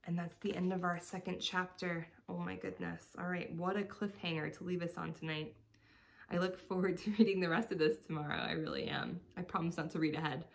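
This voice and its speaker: A woman teacher reading a bedtime story aloud to children, stopping gently to explain words. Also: lowish voice, steady tone, a little fast, gravelly.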